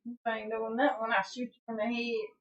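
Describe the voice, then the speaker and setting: A woman's voice: a little high, level tone, brisk, lo-fi sound. A woman with a Southern US accent co-hosting a casual live stream, teasing her partner and reading viewer comments aloud. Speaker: co-host.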